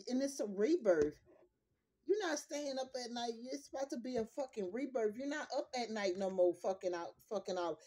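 A woman's voice: on the high side, darkish tone. A grandmother reading tarot cards casually to her viewers, in a blunt, profane and emphatic way, repeating her points. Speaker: tarot reader.

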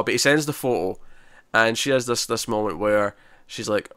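A man's voice: on the low side, normal speed, a bit bright, clear, resonant tone, dry recording. A man co-hosting a podcast, recapping a drama episode in a chatty, rambling way and acting out quotes. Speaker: podcast co-host. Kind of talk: casual TV review recap.

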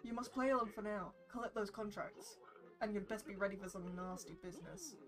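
A woman voicing a wise old male kettle, reading a game's storybook lines aloud in a calm, advising way. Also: medium pitch, fairly quick, close to an everyday voice. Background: game music.

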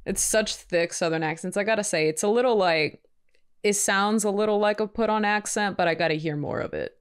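A woman making casual reaction commentary on a film, chatty and quick to exclaim. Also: mid-range voice, soft background music. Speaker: movie reaction YouTuber.

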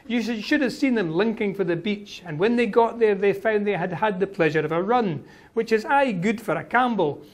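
A man voicing a wry, boastful grown Highland clansman with a Scottish Highland accent, reading aloud from a novel. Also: moderate pace. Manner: lilting, amused storytelling.

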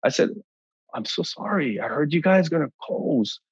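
Animated man from Hawaii telling stories. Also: on the high side, normal speed, husky, no echo. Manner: animated storyteller acting out dialogue. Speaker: pastor. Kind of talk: storytelling leadership talk. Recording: slightly muffled dry sound.

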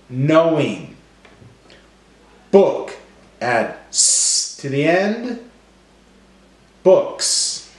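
Slow, deliberate male teacher. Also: fairly high pitch, echoey room. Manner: slow, deliberate, stretching out sounds and syllables. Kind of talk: phonemic awareness lesson for children.

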